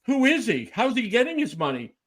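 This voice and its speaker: A podcast guest speaks in a very high, slightly bright voice with huge pitch swings and a brisk pace. He talks emphatically in animated interview fashion, firing off rhetorical questions.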